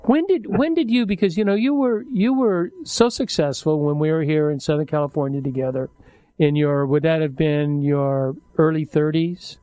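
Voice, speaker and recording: An older man with a slightly raised pitch hosts a radio talk show and chats with a guest. He talks in a halting, thoughtful way, often restarting his sentences. The sound is dry and close, with no room echo. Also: mellow. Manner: halting, self-correcting, reflective. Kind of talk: casual interview chat.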